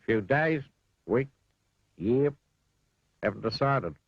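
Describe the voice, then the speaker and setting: A man voicing a clumsy, cheerful and careless storybook character who talks in a bright, chatty way. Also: medium pitch, lively intonation, slow pace, vocal fry, breathy edge, dry recording, lo-fi sound, voice pushed up, heavily acted.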